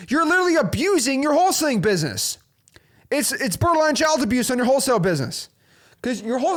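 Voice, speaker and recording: A man hosting a motivational business talk, animated and preachy, sprinkling his speech with "like" and "okay?". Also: extremely high pitch, quick pace. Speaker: host.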